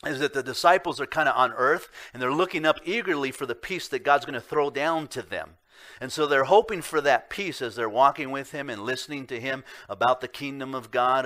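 A man preaching in a church, his voice bright and forceful. He talks earnestly, leans on rhetorical questions and swings from loud emphasis to quiet, low asides. His pitch sits in the middle for a man. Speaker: pastor. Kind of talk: sermon. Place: church sanctuary.

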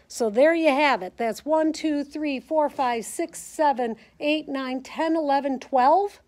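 A high-pitched but darkish-toned woman's voice, measured in pace, belongs to a quilting teacher with a Midwestern American accent. She chats casually and enthusiastically to viewers while filming a show-and-tell of quilts in a sewing center classroom.

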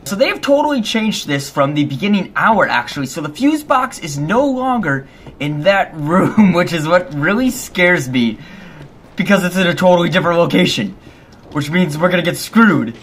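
A man's voice: sits high, big pitch swings, moderate pace, fairly bright tone, breathy edge. A young man hosting a let's play of a horror game, nervous and jumpy, swearing often and laughing between scares. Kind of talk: casual gaming commentary.

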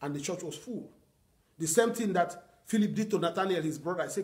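A man's voice: high voice, expressive, fairly quick, darkish tone. A man preaching a sermon as pastor, teaching earnestly and repeating key phrases.

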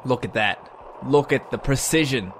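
A man's voice: mid-range voice, moderate pace, a little hiss or hum, voice pushed down, lightly acted. Man putting on a patronizing mock instructor. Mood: mock teacherly. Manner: put-on vague accent, teacherly sing-song.

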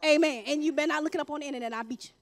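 A woman giving a fervent sermon testimony in a church, emphatic and exhorting, breaking into shouts of praise. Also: high voice, racing. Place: church sanctuary.

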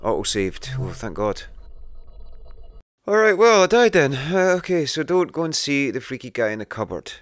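A man's voice: mid-range voice, sing-song, normal speed, dry recording. A man giving let's play commentary on a horror game, jumpy and swearing as he talks to himself. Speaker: gamer.

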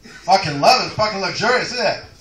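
A man working a comedy club stage with a loud, profane, rambling delivery. His voice sits high and comes out bright and forceful. The room echoes, and the mic picks him up from a distance. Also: expressive, fast. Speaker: stand-up comic. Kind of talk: stand-up comedy set.

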